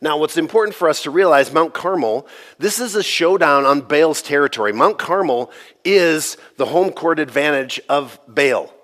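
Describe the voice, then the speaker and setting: Gravelly-voiced pastor preaching casually. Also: male voice, on the high side, expressive, normal speed, a bit bright. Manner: casual, joking, conversational preaching. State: slightly gravelly from allergies. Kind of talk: sermon.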